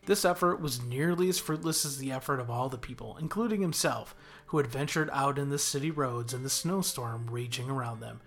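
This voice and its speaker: A man reading a story chapter aloud as a guest narrator, in a steady, measured way. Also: medium pitch, faint music behind. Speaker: guest reader. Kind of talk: audiobook narration.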